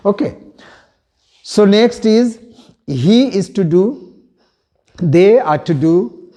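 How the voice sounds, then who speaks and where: Man teaching English grammar, animated. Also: sits high. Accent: Indian English. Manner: explains slowly, repeats example phrases. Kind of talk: online grammar lesson.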